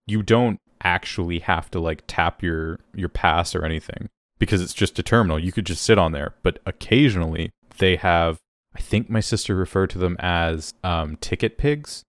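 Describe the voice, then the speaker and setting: A man's voice: deep voice, normal speed, no echo, studio quality. A man co-hosting a podcast, casually recapping an episode with rambling jokes and laughter. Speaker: podcast co-host.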